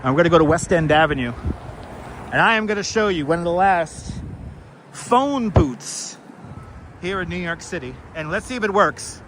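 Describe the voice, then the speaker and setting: Hosting a walking livestream, a man rambles and chats casually with viewers in a fairly high, fairly bright, expressive voice, at normal speed with long pauses. It's a low-quality recording from a wireless clip-on mic on windy city streets, full of wind and traffic noise.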